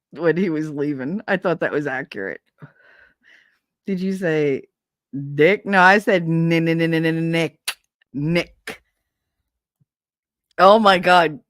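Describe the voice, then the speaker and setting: A woman's voice: deep voice, slow, pauses often, no room sound, clean studio sound. A woman hosting a live stream in casual chat, telling profane stories and laughing often. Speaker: streamer host.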